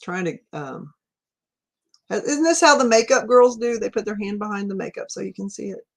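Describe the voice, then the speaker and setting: A woman with a Southern US accent hosts a relaxed livestream from a room at home. She talks in a rambling, easygoing way at a mid-range pitch, laughing often and reading viewer comments out loud. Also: moderate pace. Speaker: livestream host. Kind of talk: casual livestream chat.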